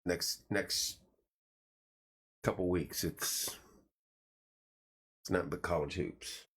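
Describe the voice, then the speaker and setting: A man's voice: deep voice, slow pace, fairly bright tone. A man hosting a casual morning live stream from a small studio room, greeting viewers by name and reading sponsor plugs in a folksy, joking way.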